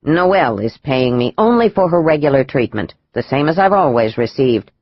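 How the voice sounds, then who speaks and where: A man's voice: medium pitch, sing-song, normal speed, no room sound, highs cut off, voice pushed down. A male audiobook narrator voicing a shifty middle-aged doctor who answers evasively and indignantly. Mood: defensive.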